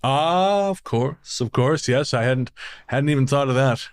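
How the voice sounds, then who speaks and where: Male podcast co-host from Canada, mid-range voice, relaxed storyteller with a laugh and a curse. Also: medium pitch, unhurried, clean tone. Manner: storytelling, laughs often, swears casually. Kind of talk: casual chat.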